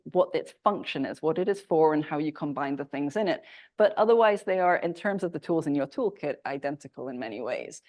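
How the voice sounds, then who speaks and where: A woman giving a university lecture in a conversational style, often checking in with the audience with a quick "right?". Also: lowish voice, darkish tone. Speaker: visiting lecturer. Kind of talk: academic lecture. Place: lecture hall.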